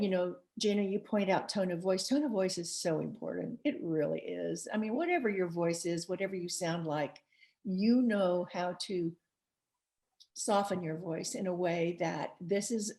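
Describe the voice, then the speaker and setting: A woman's voice: mid-range voice, darkish tone. A woman author speaking as a podcast guest, passionate and emphatic, with light laughs between her points. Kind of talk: podcast interview.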